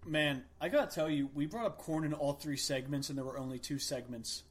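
A man's voice: a little high, brisk. A man co-hosting a casual podcast, joking in a dry, sarcastic way. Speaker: podcast co-host.

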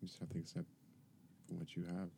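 A woman's voice: rumbling low, completely flat delivery, a little fast, vocal fry, mellow, a little hiss or hum. A woman co-hosting a podcast in casual chat, mostly chiming in with short agreements and dry asides. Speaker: podcast co-host.

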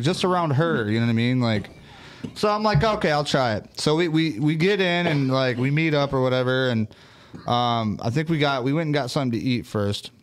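Male co-host for a casual stream, middle-pitched, rambling and profane, loose and laid-back. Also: clear, resonant tone. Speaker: co-host of a livestream show. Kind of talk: casual chat, storytelling.

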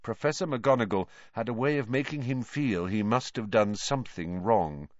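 A man narrating a storybook reading in an expressive, animated way. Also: mid-range voice, normal speed, no room sound. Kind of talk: audiobook reading. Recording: dry, dull lo-fi.

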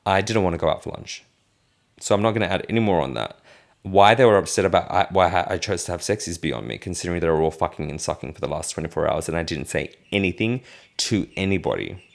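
A man's voice: sits low, animated, fast, gravelly. A man in his thirties venting in a casual vlog rant, indignant and swearing freely. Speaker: vlogger.

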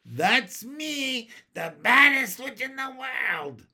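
A man voicing a rowdy little girl in a witch mask, yelling boastfully. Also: very high voice, normal speed, gravelly, breathy edge, pitched above the performer's own voice, full character voice. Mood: gleeful shouting. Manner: shrieking boastful yells.

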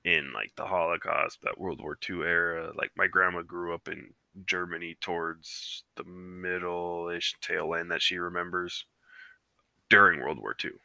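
A man's voice: deep voice, steady tone, a little slow, creaky, bright, forceful tone, no room sound. A man co-hosting a casual podcast, rambling through stories with lots of fillers and acting out what people said. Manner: rambling storyteller with many fillers, acts out quotes. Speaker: podcast co-host. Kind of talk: casual chat. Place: living room couch.

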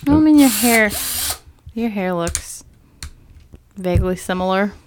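A young woman, a podcast guest and assistant, chatting casually with deadpan, dry teasing. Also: medium pitch, a little slow, a little hiss or hum. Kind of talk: casual chat.

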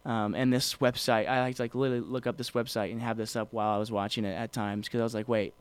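A man's voice: medium pitch, flat delivery, fast talker, clean tone, no room sound. A man co-hosting a podcast in casual chat, rambling with many fillers and restarts. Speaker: podcast co-host.

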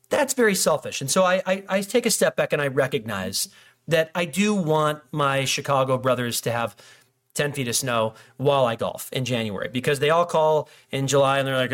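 A man's voice: a little high, lively intonation, normal speed, a bit bright. A middle-aged male pastor preaching a casual sermon, joking and acting out little dialogues between people. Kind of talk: conversational sermon.

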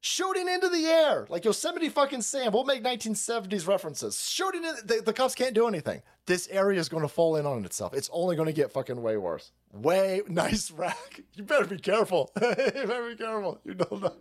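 He speaks a little fast with few pauses, his voice high-pitched and sing-song. The man, a California livestream commentator, swears often in a political rant, laughing and mocking along the way.

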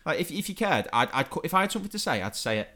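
A man's voice: fairly high pitch, sing-song, very fast, sharp tone. A young man co-hosting a podcast, ranting in exasperation and stumbling over repeated words. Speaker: podcast co-host. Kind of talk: casual comedic rant.

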